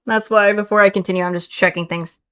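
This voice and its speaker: A woman's voice: mid-range voice, fairly even intonation, fast, fairly bright tone, clean tone. A young woman streaming a game, talking straight to her chat and exclaiming aloud at what goes wrong. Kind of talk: casual live-stream gameplay chat.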